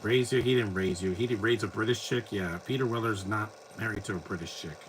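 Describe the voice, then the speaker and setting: A man's voice: fairly low pitch, brisk, a little hiss or hum, rough recording. A man giving casual, opinionated live commentary while watching a movie, rambling and blunt.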